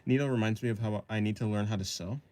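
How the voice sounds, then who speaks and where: A young man streaming his drawing, chatting casually with his viewers in a rambling, hesitant way full of fillers and soft laughs. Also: lowish voice, fairly even intonation, fast, slight background noise. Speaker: art streamer. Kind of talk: casual chat answering a live chat.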